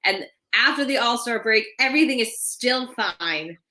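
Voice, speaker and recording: Bright-voiced chatty woman. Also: on the high side, animated, moderate pace. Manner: chatty, fillers like "I feel like". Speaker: guest, former cheerleader and lifelong fan. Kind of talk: casual chat.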